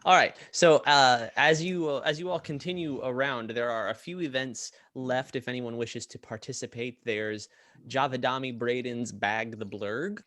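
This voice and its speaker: A man's voice: medium pitch, steady tone, normal speed, a bit bright, no room sound, clean studio sound. A man running a tabletop role-playing game as game master, narrating scenes loosely with many fillers and restarts.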